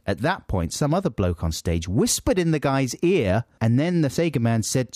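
A man's voice: mid-range voice, sing-song, normal speed, few pauses, a little mellow, no echo. A man co-hosting a podcast, reading out a listener's letter in a casual, jokey way with dry asides. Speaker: podcast co-host.

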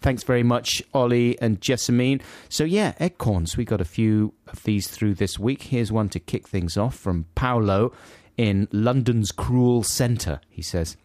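A man's voice: medium pitch, a little slow, hardly any pauses, dry recording. A man co-hosting a casual chat show, reading listener emails aloud and laughing often. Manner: animated, laughing, puts on voices for quoted lines. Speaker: podcast co-host.

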